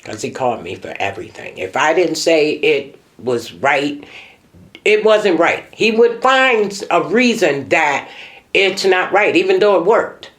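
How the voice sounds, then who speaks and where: A middle-aged woman, the mother in a documentary interview, reminiscing emotionally with her pitch sometimes rising sharply. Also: lively intonation, unhurried.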